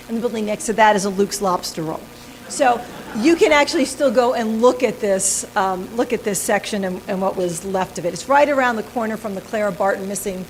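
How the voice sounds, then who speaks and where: A woman's voice: mid-range voice, slight background noise, low-quality recording. A woman presenting a local history talk with slides, chatty and hesitant, with frequent ums and restarts. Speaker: organization president giving a history talk.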